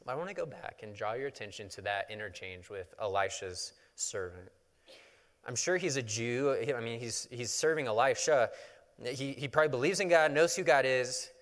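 Casting: male preacher, mid pitch, relaxed conversational storytelling, long hall reverb. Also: moderate pace. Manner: casual, conversational storytelling with humor. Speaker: pastor. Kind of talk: sermon.

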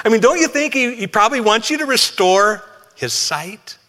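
A man's voice: very high-pitched, expressive, normal speed, pushed and bright, voice pushed up, full character voice. A man voicing a group of puzzled disciples who question their teacher in disbelief, half laughing. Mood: incredulous. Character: incredulous disciples, adult men, puzzled.

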